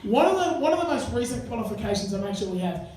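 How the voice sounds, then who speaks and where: A male stand-up comedian performs a crude, conversational set in a live pub, bantering with the crowd as the audience laughs. He talks fast in a high, slightly mellow voice with big pitch swings, picked up by a distant mic in a heavily echoing room.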